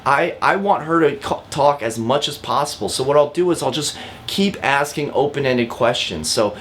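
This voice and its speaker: A man's voice: medium pitch, expressive, normal speed, a bit bright, a little hiss or hum. A man, a real estate agent, giving a casual lesson to camera, talking directly with frequent fillers and repeats. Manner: chatty and direct, often calls viewers guys.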